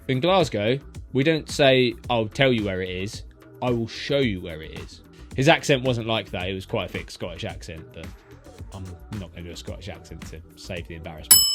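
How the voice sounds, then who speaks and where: A man, a taxi driver chatting his way through his routes street by street in a driving vlog. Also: medium pitch. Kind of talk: narrated driving vlog commentary.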